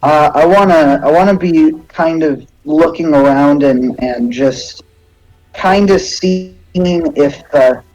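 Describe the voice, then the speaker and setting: A man's voice: a little high, takes it slowly, a little mellow, poor audio. A man playing a tabletop game, hesitant with many fillers. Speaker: player. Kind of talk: tabletop play.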